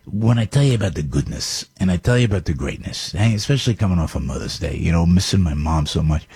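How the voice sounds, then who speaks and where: A man's voice: low voice, lively intonation, fast, a little mellow, breathy edge. An older man, a radio host telling a long rambling story with many restarts. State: under the weather.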